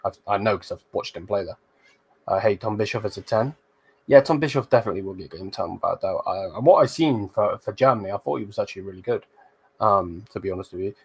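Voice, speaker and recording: A man's voice: lowish voice, fast talker, breathy edge. A young man hosting a football channel, chatting casually with viewers and reading their comments, blunt and slangy with some swearing.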